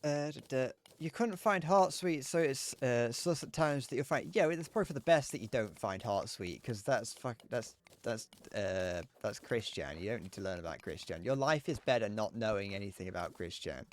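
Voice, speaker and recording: A man's voice: mid-range voice, lively intonation, normal speed, hardly any pauses. A man with a British accent chatting casually to his live-stream audience while gaming, rambling through restarts and crude remarks. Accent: British English. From Britain. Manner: rambling and crude, answering chat with frequent restarts.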